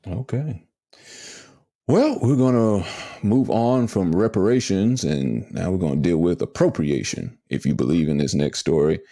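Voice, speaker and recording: Male podcast host, very deep, gravelly, drawling. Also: lively intonation, a little slow, dark tone, dry recording, studio quality. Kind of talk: casual chat.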